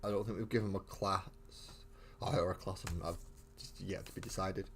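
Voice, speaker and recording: A man's voice: deep voice, fairly even intonation, moderate pace, a little hiss or hum. A man hosting a live miniature-painting stream, chatting casually and thinking aloud with frequent restarts, in a home hobby room.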